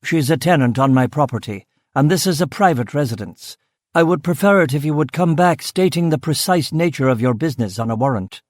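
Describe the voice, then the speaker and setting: A man's voice: a little high, expressive, fairly quick, no echo, clean studio sound, close to an everyday voice. A man doing a haughty Anglo-Irish landowner. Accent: 1930s Anglo-Irish upper class. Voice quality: clipped, formal, imperious.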